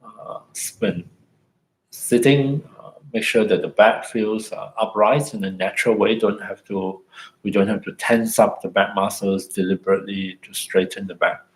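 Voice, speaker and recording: Low-voiced guy teaching meditation, slow and reflective, tags stuff with "isn't it", roomy echo. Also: steady tone. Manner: unhurried, reflective, with tag questions like "isn't it" and "no". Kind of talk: dharma talk leading into guided meditation.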